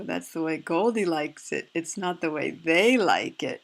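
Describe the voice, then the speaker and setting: A woman reading a picture book aloud, stopping for gentle, fretful asides. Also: sits low, expressive, measured pace, low-quality recording. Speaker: storyteller.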